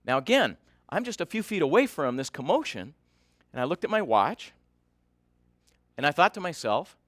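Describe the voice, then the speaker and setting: A male keynote speaker tells his story with animation, his bright, ringing voice pitched slightly above typical for a man. He moves at a moderate pace with long pauses and keeps putting questions to the audience. The recording is close and dry, with no room sound.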